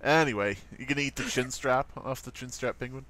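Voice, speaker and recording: A man's voice: medium pitch, fairly quick, a bit bright. A man co-hosting a casual chat, joking and laughing often. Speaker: co-host.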